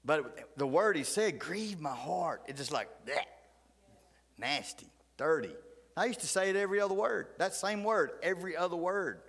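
A middle-aged man, a pastor telling folksy stories in a sermon, flaring loud, then dropping to hushed asides. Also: high-pitched, animated, normal speed, husky. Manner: folksy, fiery, swings between loud outbursts and hushed asides. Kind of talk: animated storytelling sermon. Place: church sanctuary. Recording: church hall reverb.

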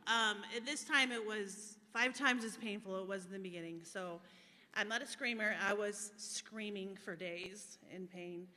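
A guest speaker from the USA, this woman tells her personal story of faith during a live-streamed service in a church hall with echoey acoustics. Her voice is medium-pitched and sharp, at normal speed, and she talks frankly and emotionally, using frequent fillers.

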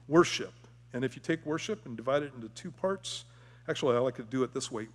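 A man's voice: mid-range voice, lively intonation, a little fast. A male pastor preaching a sermon in a church sanctuary, telling stories in a humorous, conversational way. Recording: long church reverb.

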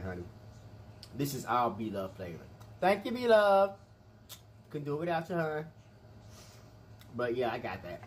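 Male mukbang host, rapid-fire chatter, lively pitch swings, faint hiss behind. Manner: rapid, animated, chatty, says he talks fast. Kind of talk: casual eating vlog chat.

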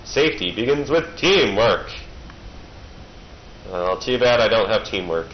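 A man's voice: lowish voice, lively intonation, unhurried. A man giving casual joking commentary while playing a video game, rambling and playful. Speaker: let's-play gamer. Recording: muffled with game noise behind. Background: game sounds.

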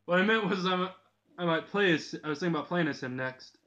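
A young Dublin man, host of a gaming channel, gives casual, joking gameplay commentary, swearing and laughing a lot. His voice sits high and sounds sharp, and he talks quickly. The dull lo-fi mic carries faint noise.

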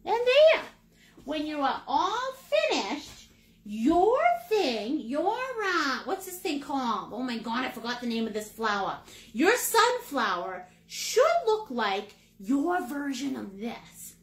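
Her voice is high and fairly bright, with big pitch swings and a slow pace. This middle-aged woman from Maine, United States, teaches a live paint-along class, chatting playfully and tossing out pet names and goofy sound words.

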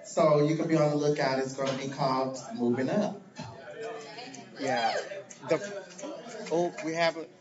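A man's voice: fairly high pitch, steady tone, measured pace, long pauses, crowd noise. A man, a drag performer, chatting casually and laughing while answering fan questions on a live stream. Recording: echoey, dull live-stream audio.

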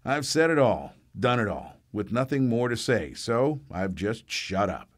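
A man reading reflective first-person memoir text in a wry, measured way. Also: medium pitch, big pitch swings.

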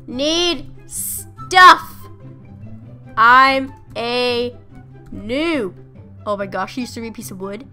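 Excitable gamer girl, bright tense voice, giggles and squeals a lot, soft music in the back. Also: on the high side, slow, pauses often. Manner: excitable, giggly, breaks into squealing shouts when chased. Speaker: gaming channel host. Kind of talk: casual gameplay commentary.

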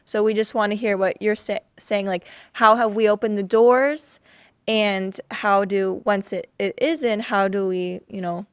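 A female co-host speaks in an earnest, chatty way, full of casual fillers. Her voice is mid-pitched, and the sound is dry and close. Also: steady tone, a little slow, smooth, no room sound. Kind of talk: casual interview chat.

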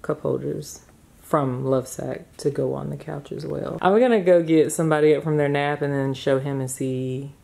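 A woman's voice: low voice, fairly even intonation, moderate pace, vocal fry, a little mellow. A young woman chatting casually through a home vlog, rambling with fillers as she shows her living room. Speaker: vlogger, mother.

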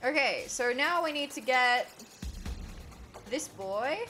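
A woman streaming a game, chatting to her audience in excitable, foul-mouthed commentary. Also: high-pitched, slow, faint music behind. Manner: excitable, swears a lot, talks to the chat. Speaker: gaming streamer. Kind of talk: let's-play commentary.

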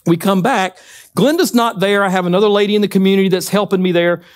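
Male pastor, high-pitched, animated storyteller, dry close-miked sermon. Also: fast, no echo. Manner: animated storytelling, acts out quotes.

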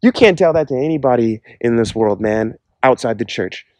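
Earnest man sharing a warm testimony. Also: mid-range voice, expressive, moderate pace, no echo. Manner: earnest, conversational, with frequent "like" fillers. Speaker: Christian speaker giving a testimony. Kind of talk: earnest personal testimony monologue.

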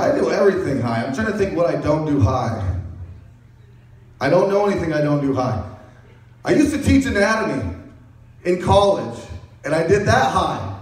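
A male stand-up comic with a high voice who rambles through crude jokes and often laughs at them himself. His set rings through a very echoey room. He sounds well back from the microphone. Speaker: stand-up comedian. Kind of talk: stand-up routine. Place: comedy stage. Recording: echoey room, mic far off.

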